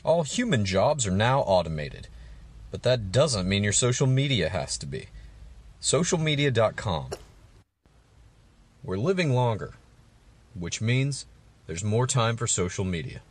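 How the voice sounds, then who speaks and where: A man doing a deadpan parody of a commercial announcer in a played-back clip. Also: on the low side, unhurried, long pauses. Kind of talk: mock commercial read.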